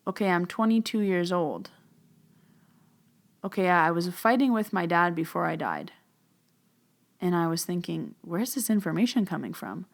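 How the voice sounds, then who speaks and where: Lady talking, kinda low voice, chatty storyteller replaying what she said. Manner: chatty, retells dialogue, repeats phrases. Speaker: podcast host, medium. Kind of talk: personal storytelling.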